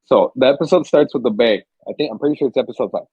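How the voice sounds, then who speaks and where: This young podcast co-host chats casually, rattling off stories rapid-fire as an animated storyteller who swears freely and acts out screams and gasps. His mid-range voice is slightly rough. The audio is dull, with no room sound.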